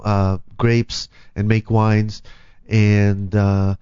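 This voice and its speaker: Male radio host, low voice, meandering and filler-heavy, dull dry studio sound. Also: steady tone, a little slow, a little mellow, clean tone, no echo. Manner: rambling, many fillers. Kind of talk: casual radio chat.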